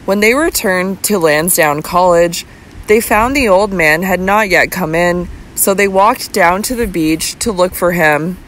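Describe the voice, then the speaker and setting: A man narrating a classic novel as an audiobook with a steady, measured reading. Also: high voice, poor audio.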